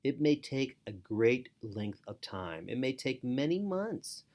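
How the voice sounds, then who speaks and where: A man's voice: medium pitch, very animated, slow, darkish tone, dull audio. A middle-aged man teaching parents in an earnest instructional talk, repeating key phrases for emphasis. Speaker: foster parent and parenting educator.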